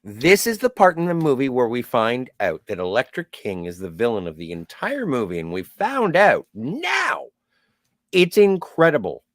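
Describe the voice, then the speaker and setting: Enthusiastic man co-host, lively pitch. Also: no room sound, studio quality. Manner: enthusiastic, quick to exclaim praise. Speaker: podcast co-host. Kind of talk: casual chat about a film.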